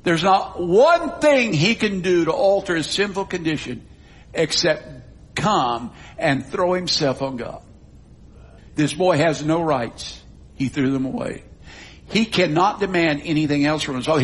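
A male pastor preaching a sermon, swinging from loud stresses to hushed drops. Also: a little high, normal speed, husky.

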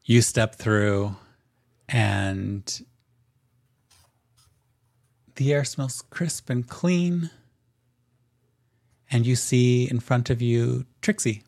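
A man narrating a tabletop game as game master in a calm, descriptive way. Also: mid-range voice, drawn-out words, creaky, long pauses, no echo, clean studio sound.

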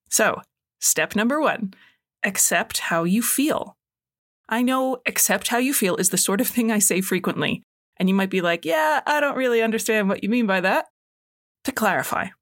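Animated woman hosting a podcast. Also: mid-range voice, dry recording, studio quality. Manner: clear, instructive, animated with acted asides. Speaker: podcast host, coach on binge eating. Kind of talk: scripted solo podcast talk.

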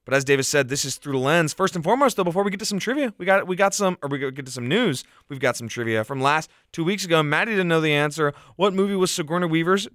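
Quick, excitable male podcast host. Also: on the high side, no room sound, clean studio sound. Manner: quick, excitable, laughs easily. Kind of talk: casual chat.

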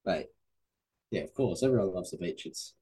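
An Australian man chatting as a guest on a sports podcast, easygoing and brief in his answers. His voice sits low, with a mellow, husky tone. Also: lively intonation, normal speed. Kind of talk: casual sports chat.

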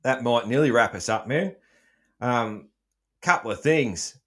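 A man's voice: mid-range voice, animated, unhurried, breathy edge. A middle-aged Australian man hosting a casual chat, joking around and swearing freely, with plenty of ums. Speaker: podcast host.

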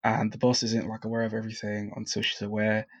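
A man co-hosting a casual podcast about a TV show, relaxed and quick to laugh. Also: on the low side. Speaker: podcast co-host. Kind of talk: casual chat reviewing a TV show. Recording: slightly dull audio.

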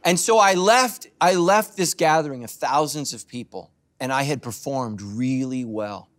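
A middle-aged male pastor preaching a sermon with animated, humorous storytelling. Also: medium pitch, unhurried.

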